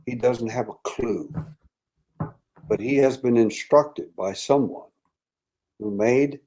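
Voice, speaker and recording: Older guy on an interview telling a long story, mid-pitched, acts out the voices, goes hushed sometimes. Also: slow. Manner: animated storyteller who acts out quoted voices and drops to a hushed tone. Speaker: interview guest.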